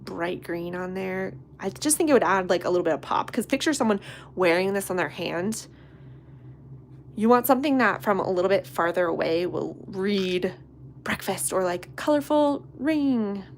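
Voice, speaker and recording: A woman in her thirties talks through a live crafting session in a casual, bubbly way, greeting viewers by name. She often drops into soft, half-whispered asides. Faint room noise sits behind her voice. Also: mid-range voice, lively intonation, moderate pace. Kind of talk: casual live-stream chat while sculpting.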